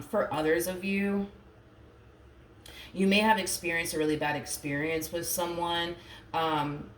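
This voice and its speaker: Reading tarot in a casual, chatty way, a woman with a deep voice leans on fillers and says she'd rather not get emotional. Her audio is reverberant with a little hiss or hum.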